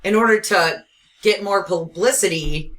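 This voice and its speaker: A woman co-hosting a casual movie podcast, explaining plots calmly and matter-of-factly. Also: mid-range voice, measured pace. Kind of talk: casual movie review chat.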